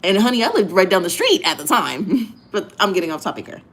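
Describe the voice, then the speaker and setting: A woman's voice: medium pitch, sing-song, brisk, a bit bright. A woman hosting a casual monologue in a blunt, profane, emphatic way, often repeating phrases for effect. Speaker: host.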